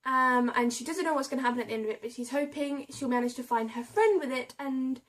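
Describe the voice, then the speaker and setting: Young woman vlogging her book haul, high voice, chatty, trips over names. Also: fast talker. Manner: chatty, stumbles over names and hard words; reads book blurbs aloud. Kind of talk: casual chat about a book haul.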